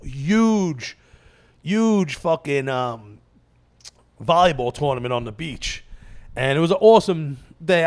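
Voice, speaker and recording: Brief: male comedian host, fairly high voice, worn out, swearing constantly, digressive storyteller. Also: clean tone. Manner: laughs at his own stories. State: tired, running on fumes. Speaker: comedian hosting his own show. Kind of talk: rambling casual monologue.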